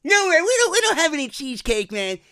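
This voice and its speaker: A man's voice: extremely high pitch, sing-song, pushed and bright, no room sound, studio quality, pitched above the performer's own voice, exaggerated voice. A man doing a dim, stammering buffet worker. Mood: drawling. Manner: slow, hesitant, stammering. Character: dim, laid-back male buffet employee.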